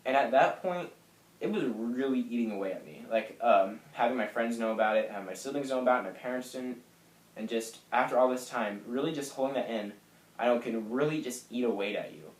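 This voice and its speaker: A young man in his late teens telling a personal story to camera, soft and halting with lots of fillers. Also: medium pitch, expressive. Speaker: vlogger. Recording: echoey room.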